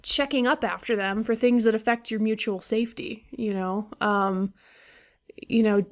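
This podcast host has a fairly high-pitched voice and talks at normal speed in a casual monologue. Profane and animated, she vents freely, mixing in lots of laughter.

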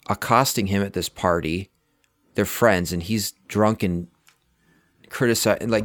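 A man co-hosting a podcast in casual chat, measured as he recaps scenes. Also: low voice, a bit bright, dry recording, clean studio sound. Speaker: podcast co-host.

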